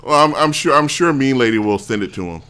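Male talk show host, bright edge, rambles and restarts while telling stories. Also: mid-range voice, animated, fast talker, clear, resonant tone. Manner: rambling, self-interrupting, acts out quoted voices. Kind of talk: casual storytelling on a talk show.

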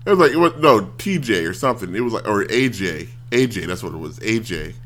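A man's voice: lowish voice, expressive, a little fast, a bit bright. A man telling a rambling, sarcastic story about a frustrating support call in a casual, exasperated monologue. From United States. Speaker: office worker telling a story.

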